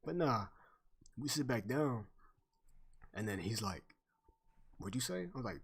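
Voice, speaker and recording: A man's voice: mid-range voice, lively intonation, normal speed, pauses often, husky. A young man chatting casually on stream, telling a story full of slang and swearing and laughing often.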